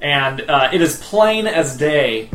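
A man's voice: on the high side, animated, slow pace, a bit bright. Game master man in an echoey room. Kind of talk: narrating a tabletop game.

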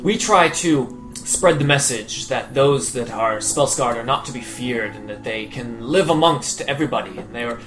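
A man voicing a formal, courteous male lore master who speaks in measured, hesitant phrases. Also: mid-range voice, over music, lightly acted. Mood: earnest. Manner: measured, hesitant speech with many pauses.

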